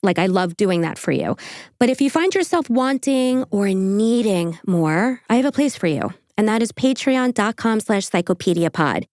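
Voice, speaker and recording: A woman's voice: medium pitch, expressive, normal speed, a little mellow, dry recording, studio quality. A woman hosting a podcast in casual chat, chatty and giggly, swearing freely. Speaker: podcast host.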